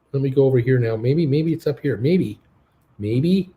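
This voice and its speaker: A man's voice: medium pitch, a little slow, dark tone. An older man hosting a live stock market stream, flustered and muttering to himself as he hunts for a message, thanking donors in a casual chat. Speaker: stock market livestream host.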